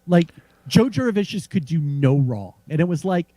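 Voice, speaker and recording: A man with a fairly high voice co-hosts a casual sports show. His pitch swings around a lot as he rambles through his stories, often stopping to restart a thought. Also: normal speed, dry recording. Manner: animated, rambling with restarts and laughs. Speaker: podcast co-host.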